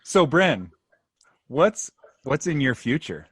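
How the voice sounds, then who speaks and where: A man's voice: fairly high pitch, big pitch swings, takes it slowly, fairly bright tone, husky, no room sound. Man, friendly jokey podcast co-host, dry close sound. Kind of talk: casual podcast chat.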